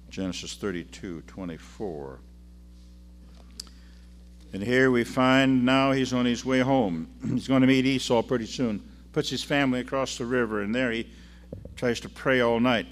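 A man preaching a sermon and reading scripture aloud, swinging between loud emphasis and quiet drops. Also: on the low side, slight background noise.

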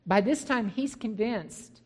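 Lively woman telling her testimony. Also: a little high, takes it slowly, slightly rough. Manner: animated storytelling, acting out remembered dialogue. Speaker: Christian minister. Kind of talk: personal testimony sermon.

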